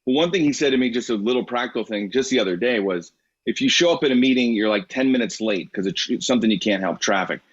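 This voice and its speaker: A man speaking as a guest in a podcast interview, telling anecdotes in a relaxed, conversational way. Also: mid-range voice, quick pace, husky. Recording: dry, slightly muffled recording.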